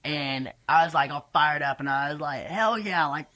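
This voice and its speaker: Young man, bright, forceful voice, casual storytelling, profane, restarts a lot. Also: a little high, moderate pace, dry recording. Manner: energetic, profane, stumbling restarts. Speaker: podcast guest, rodeo rider.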